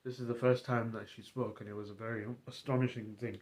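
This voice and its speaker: A man streaming and casually retelling a roleplay story, rambling and halting as he goes. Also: lowish voice, level tone, a little mellow. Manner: rambling, halting, many fillers and restarts.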